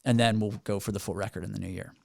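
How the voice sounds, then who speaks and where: A man's voice: lowish voice, steady tone, rapid-fire, creaky, no echo, clean studio sound. Earnest, rambling man on a podcast. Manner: rambling, earnest storytelling with many restarts. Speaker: musician guest. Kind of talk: casual podcast interview. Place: podcast studio.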